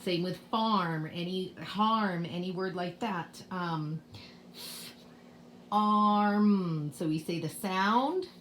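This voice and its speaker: A woman's voice: fairly low pitch, slow pace, few pauses, fairly bright tone, slight background noise. A middle-aged woman teacher with a Boston accent, explaining spelling rules to parents in a home video lesson, patiently sounding out letters. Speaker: kindergarten teacher.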